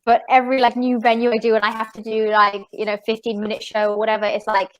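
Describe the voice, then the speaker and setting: A woman magician and podcast guest, telling a story in a rambling, animated way with many fillers and restarts. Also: on the high side, quick pace, dry recording, poor audio. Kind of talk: casual storytelling interview.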